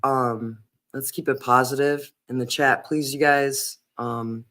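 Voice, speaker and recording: A man's voice: medium pitch, steady tone, slow pace, fairly bright tone. A man hosting a casual livestream chat, talking earnestly and hesitantly with many fillers and restarts. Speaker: livestream host.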